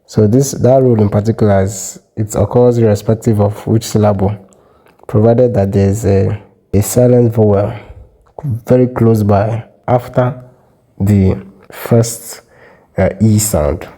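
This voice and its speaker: A man teaching French spelling rules, explaining step by step and repeating example words slowly. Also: fairly low pitch, fairly even intonation, warm tone, poor audio. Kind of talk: explanatory lesson.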